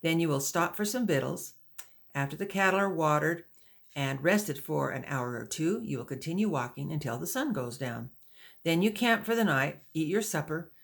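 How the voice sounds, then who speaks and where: A woman's voice: sits low, gravelly. A woman reading a patient frontier teamster man. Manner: patient, instructive. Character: male wagon teamster guiding pioneer women, patient and steady. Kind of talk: audiobook dialogue.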